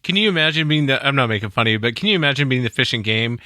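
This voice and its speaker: Bright animated male podcast host. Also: mid-range voice, no echo. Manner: animated, amused, quick reactions. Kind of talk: casual chat.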